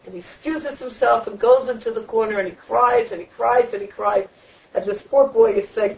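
A woman with a high voice teaches a Torah lecture, driving her points home through repeated, emphatic phrases. She sits well away from the microphone. The recording is muffled and lo-fi. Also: moderate pace, creaky, darkish tone. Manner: emphatic, repetitive preaching cadence. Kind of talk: Torah lecture on the weekly portion. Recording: distant, dull lo-fi room recording.

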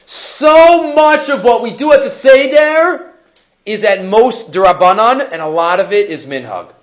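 A man's voice: sits high, a little slow. A man teaching a Haggadah class, acting out questions as he goes. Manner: animated, acts out the sons' questions, mixes Hebrew terms. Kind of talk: lively Torah lecture. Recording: dull lo-fi recording.

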